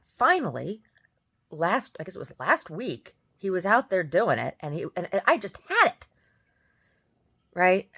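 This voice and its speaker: A woman who sings tells a story in a casual, exasperated rant, often mimicking other people. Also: husky. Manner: animated, exasperated, mimics others in high voices. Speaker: singer.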